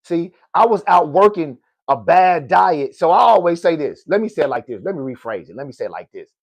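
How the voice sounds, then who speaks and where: Middle-aged guy preaching about life to his listeners, kinda high voice, dry close mic. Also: sing-song, a little fast, gravelly, husky, no echo. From Oklahoma, US. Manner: preachy, repeats "good people" and "right?". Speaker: podcast host. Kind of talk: motivational personal talk.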